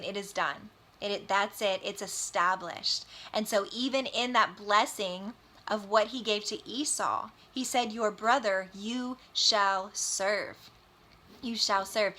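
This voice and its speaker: A woman leads a Bible study in a relaxed, conversational way. She reads verses aloud, then breaks them down in easy, slangy talk. Her voice is bright and forceful, at a middle pitch for a woman. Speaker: Bible teacher. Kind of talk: casual Bible study teaching.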